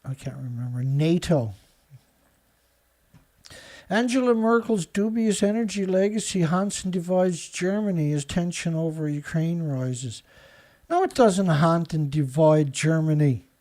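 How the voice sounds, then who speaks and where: A man's voice: a little high, animated, measured pace, dark tone. Guy hosting his own show, reads headlines then rants back at them, sarcastic and fired up. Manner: sarcastic, indignant, heckles headlines aloud. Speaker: show host. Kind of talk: ranting commentary on news headlines.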